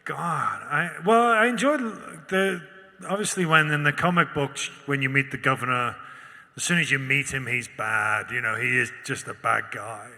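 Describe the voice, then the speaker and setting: A man's voice: medium pitch, moderate pace, gravelly, pushed and bright. A man from the United Kingdom answering questions as an actor on a convention panel, thoughtful and rambling, with many restarts. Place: large convention auditorium. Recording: long hall reverb.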